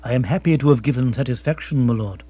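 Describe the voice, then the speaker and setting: A man voicing an unflappable, learned male butler who speaks in a formal, measured, deferential way. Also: mid-range voice, husky, no echo, natural voice. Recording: tinny phone-like sound with mains hum.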